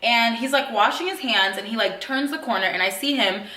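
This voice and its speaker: Bright-voiced young woman, chatty and echoey. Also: a little high, a little fast. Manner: chatty, animated storytelling with casual slang. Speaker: beauty influencer. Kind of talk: reaction video commentary. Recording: echoey room sound.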